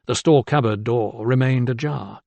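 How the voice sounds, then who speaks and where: A man reads an audiobook in a steady, deliberate storytelling manner. His voice has a gravelly grain, and the recording is dry and close. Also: mid-range voice, no room sound. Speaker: audiobook narrator. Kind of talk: scripted narration.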